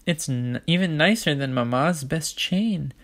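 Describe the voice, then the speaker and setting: A man's voice: a little high, lively intonation, a little slow, fairly bright tone, pitched above the performer's own voice. A man voicing a whiny, simple-minded young girl in a storybook reading, with a raised, pleading voice.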